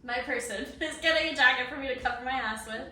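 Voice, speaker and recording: Bright, high-voiced woman telling a story. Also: fast talker. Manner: animated, laughing often, acts out quotes. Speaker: podcast co-host. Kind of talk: casual storytelling chat. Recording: echoey room, far from mic, faint noise.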